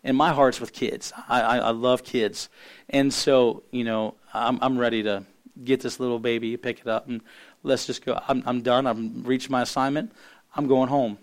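Man, preacher, personal testimony, halting speech, repeated words, mid pitch. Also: little pitch movement. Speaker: minister. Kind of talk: sermon testimony.

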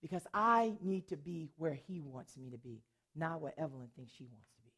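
An older woman pastor and worship leader, preaching in a storytelling way, animated and often laughing as she tells a personal story. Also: low-pitched, fairly quick, breathy edge. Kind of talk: sermon storytelling.

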